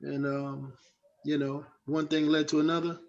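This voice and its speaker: A man's voice: on the high side, moderate pace, gravelly. Slangy middle-aged man telling stories. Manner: animated, slangy, acts out other people's voices. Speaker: guest rapper. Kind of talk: casual storytelling in an interview. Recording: dull lo-fi sound.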